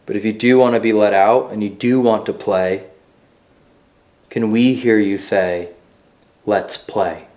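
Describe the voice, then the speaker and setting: A man investigating the paranormal who speaks to a spirit in a slow, soothing, apologetic way. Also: fairly low pitch, fairly even intonation, highs cut off. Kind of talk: calling out to a spirit.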